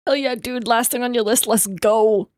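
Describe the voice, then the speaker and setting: A young adult woman livestreamer in rambling, casual chat, quick to laugh. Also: a little high, a little mellow, no room sound, clean studio sound.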